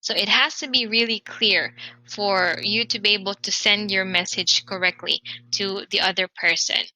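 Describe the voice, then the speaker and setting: A woman teaching an online English pronunciation lesson, speaking clearly and encouragingly and repeating model words slowly. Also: medium pitch, fairly even intonation, pushed and bright, rough recording.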